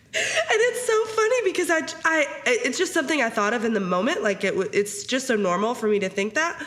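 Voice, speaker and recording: A woman's voice: high-pitched, a little fast. A woman in her thirties co-hosting a podcast, chatting casually and telling stories with lots of laughter. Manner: giggly, animated storytelling with frequent laughter. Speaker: podcast co-host.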